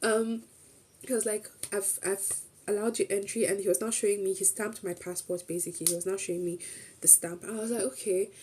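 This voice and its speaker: A woman's voice: medium pitch, fairly even intonation, a little fast, darkish tone, a little hiss or hum. A young woman streamer chatting casually as she recaps a trip, rambling through restarts and acting out bits of dialogue.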